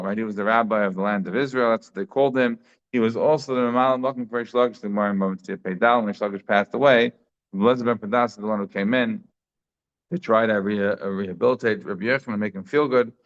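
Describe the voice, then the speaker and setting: A man's voice: fairly low pitch, fairly even intonation, rapid-fire. A man giving a daily Talmud class in a conversational way, thinking aloud with frequent restarts. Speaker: Talmud teacher. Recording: slightly dull lo-fi sound.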